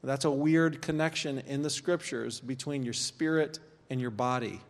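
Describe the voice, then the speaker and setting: A man teaching an informal church course, talking conversationally with pauses and reading scripture aloud. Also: medium pitch, fairly even intonation. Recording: long hall reverb.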